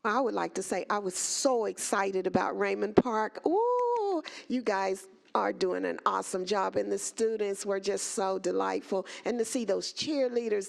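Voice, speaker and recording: A woman's voice: medium pitch, creaky. A woman at a school board meeting speaking with gushing, exclamatory enthusiasm in a meeting room. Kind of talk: meeting remarks.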